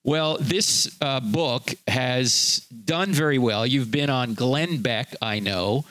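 A male radio host at a studio mic, his voice of ordinary pitch and completely dry. He talks conversationally, filling pauses with "uh" as he leads the interview. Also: fairly bright tone, no room sound. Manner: conversational, with fillers and plugs for the guest. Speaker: radio talk show host.

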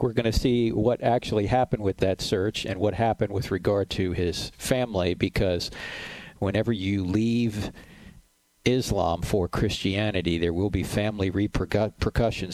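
Mid-pitched guy hosting talk radio, plugging stuff, faint music behind. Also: a little mellow, no echo. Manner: brisk, promotional announcer delivery. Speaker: radio talk show host. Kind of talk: radio interview and show announcements.

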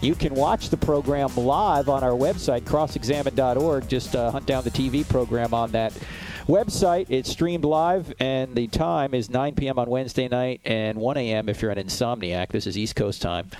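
A middle-aged man hosting a radio talk show, interviewing a guest and reading promotions in a brisk announcer style. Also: mid-range voice, music in the background.

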